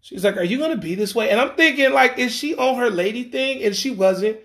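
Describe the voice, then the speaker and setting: A man telling a rambling dating story in a casual monologue, slangy and animated, acting out what people said. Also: extremely high pitch, fairly quick. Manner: rambling, animated, acts out quoted lines; frequent fillers and restarts, slangy.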